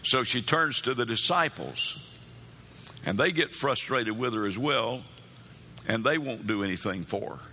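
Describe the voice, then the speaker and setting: A man's voice: medium pitch, animated, unhurried, sharp tone, slightly rough. A man preaching a sermon, telling Bible stories and acting out the characters' pleas in a raised voice. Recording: long hall reverb.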